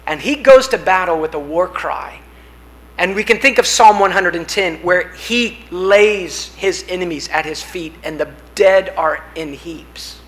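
Through poor-quality audio, a male preacher's high, bright voice carries a story-style sermon. He swells with force at the grand images, then eases back down again.

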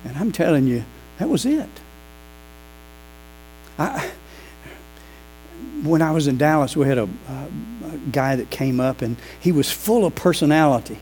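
A pastor preaching a sermon, telling lively stories and acting out the people in them. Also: male voice, a little high, normal speed, a little hiss or hum, low-quality recording. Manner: animated, acts out quoted voices. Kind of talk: sermon with storytelling.

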